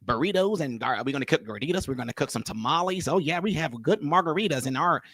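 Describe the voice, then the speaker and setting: A bland male restaurant cook speaks low and soft, deadpan and mumbled, as a commentator puts him on. The sound is dry and close to the mic. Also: fast, no echo. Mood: mocking.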